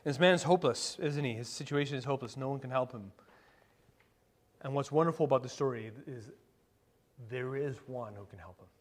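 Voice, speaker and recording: A male pastor preaching a sermon in a conversational way, with rhetorical questions and sudden bursts of excitement. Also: medium pitch, a little fast. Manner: conversational preaching with asides and fillers.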